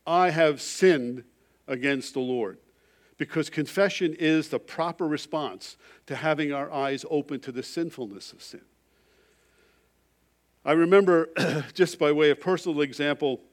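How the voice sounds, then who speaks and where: A middle-aged male pastor preaching a sermon, telling a personal story with loud emphasis that drops to a hushed, confessional tone. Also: fairly high pitch, moderate pace.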